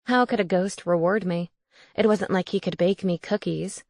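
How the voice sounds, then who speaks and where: A woman narrating a cozy mystery audiobook in an even, soft-spoken way. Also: on the low side, moderate pace, dry recording, clean studio sound.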